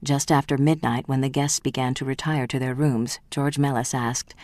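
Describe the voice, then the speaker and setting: An audiobook narrator reading a novel in an even, measured way. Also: medium pitch, dry recording. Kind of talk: scripted narration.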